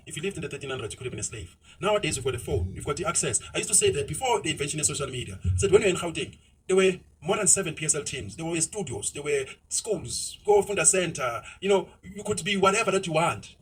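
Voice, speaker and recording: A man's voice: sits high, distant mic, slight background noise, low-quality recording. A South African man ranting bluntly in opinionated podcast talk, switching into isiZulu phrases.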